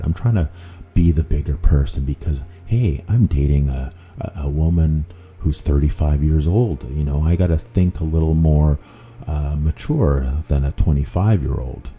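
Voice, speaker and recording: A man's voice: rumbling low, moderate pace, dark tone, highs cut off. A man hosting a podcast, telling a personal story in a rambling, conversational way, with many fillers and restarts. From Vancouver. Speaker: podcast host.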